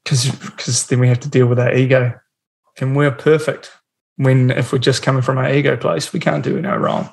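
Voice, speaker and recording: A man's voice: medium pitch, moderate pace, creaky. A man talking in a blunt, casual way, swearing freely and acting out little scenes as he explains his views. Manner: blunt and swearing, animated storytelling. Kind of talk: casual chat.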